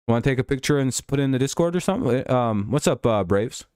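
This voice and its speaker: Fast and clear, with a resonant medium-pitched tone, a man streams live commentary on a football game, keeping the play-by-play relaxed and bantering profanely with chat. The studio-quality sound has no room sound.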